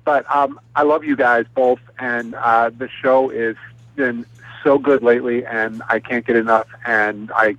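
A man's voice: mid-range voice, fairly even intonation, a little slow, a bit bright, no room sound. Guy leaving a rambling voicemail, lots of ums, dull muffled line. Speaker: caller. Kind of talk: recorded voicemail call-in. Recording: muffled dry voicemail audio.

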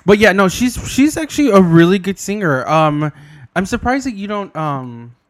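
A man's voice: high voice, sing-song, normal speed. A man co-hosting a podcast in casual, crude banter, laughing often. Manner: giggly, laughs often while talking. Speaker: podcast co-host. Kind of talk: casual chat.

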